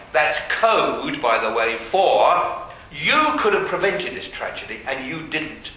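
A man preaching a sermon, asking his listeners pointed questions and dropping from loud to hushed. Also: fairly high pitch, very animated, unhurried. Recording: very echoey hall with faint hiss.

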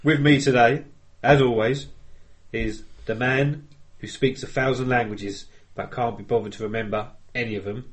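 A man's voice: medium pitch, steady tone, moderate pace. A man from Essex hosting a podcast, introducing his co-hosts with teasing jibes. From Essex, England. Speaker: podcast host. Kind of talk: casual chat.

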